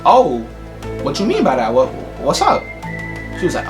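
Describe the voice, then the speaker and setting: A young man telling a storytime vlog story, animated and profane, acting out the people in his story. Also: a little high, normal speed, music in the background. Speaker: YouTuber.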